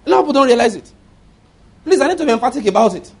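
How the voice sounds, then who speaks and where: A man's voice: extremely high pitch, expressive, racing, husky. A man in his fifties preaching a sermon with emphasis, repeating his points and checking that listeners follow.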